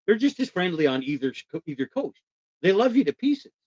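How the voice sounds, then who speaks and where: Dry, close-miked enthusiastic host. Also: male voice, high-pitched, big pitch swings, a little fast, darkish tone, husky, no echo, poor audio. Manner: enthusiastic, talks to viewers in chat, acts out quoted voices. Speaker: live show host. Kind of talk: casual live-stream chat.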